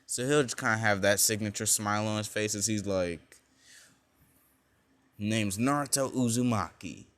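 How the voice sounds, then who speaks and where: A man's voice: fairly low pitch, steady tone, a little fast, few pauses, a bit bright, clear, resonant tone. A young man casually telling a fan-made alternate story, rambling along with lots of fillers and frequent self-corrections.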